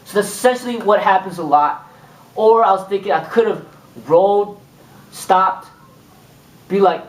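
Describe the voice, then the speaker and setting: A man's voice: moderate pace, pauses often. A man giving an informal spoken lesson as a kung fu instructor, rambling and acting out exchanges. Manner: rambling, repeats "boom" and acts out exchanges. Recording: echoey room, mic far off.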